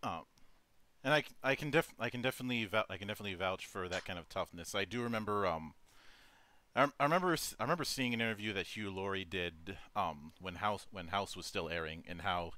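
A man from Minnesota hosting an interview, speaking in a halting way with many restarts and ums. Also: low-pitched, bright, forceful tone. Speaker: host. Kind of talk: casual interview chat.

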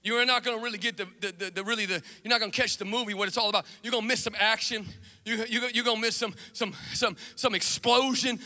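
A man preaching an animated church sermon, with shouted refrains and casual, chatty asides. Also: high voice, fast, big-room sound. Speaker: pastor. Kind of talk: energetic sermon.

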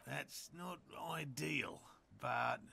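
An actor voicing an earnest middle-aged male cryptozoologist, gravelly, with a formal, eager, sometimes defensive manner. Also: mid-range voice, very slow, bright, forceful tone, exaggerated voice. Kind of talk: video game voice acting.

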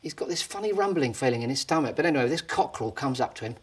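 Husky bloke telling a rude joke, chatty and matey. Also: male voice, medium pitch, lively intonation, racing. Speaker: stand-up comedian.

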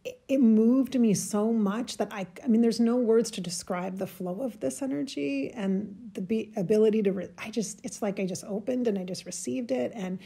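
A woman telling a personal spiritual story in a halting, emotional way, searching for words and getting choked up. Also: fairly high pitch, creaky, warm tone, breathy edge. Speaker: spiritual channel host.

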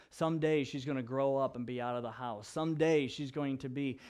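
A young adult man, a pastor, telling stories in an animated sermon that moves from hushed to loud. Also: fairly high pitch. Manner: animated storyteller, swings from hushed to loud and laughing. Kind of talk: storytelling sermon.

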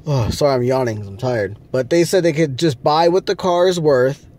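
Vlogging from a rental car, a man rants angrily and swears a lot in this casual vlog. His mid-range voice is a little mellow and moves at a moderate pace.

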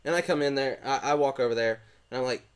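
A man's voice: mid-range voice, fast, clean tone. A young man telling a long, rambling story while playing a game with a friend, often breaking off mid-sentence. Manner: rambling, self-interrupting anecdote. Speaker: gaming co-host telling a story. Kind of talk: casual storytelling over gameplay.

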